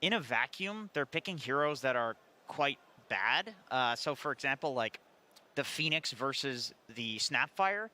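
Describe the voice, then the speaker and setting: A man's voice: mid-range voice, expressive, a little slow, bright, forceful tone. A man on an esports panel, loose, chatty and joking. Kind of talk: casual panel chat.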